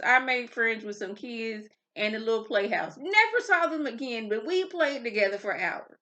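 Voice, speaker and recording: This thirtysomething woman runs a reality TV recap vlog, and here she rambles casually through an episode review, a bit grumpy pre-coffee. Her voice is on the high side, animated, pushed, and bright, at normal speed with few pauses, over muffled lo-fi audio.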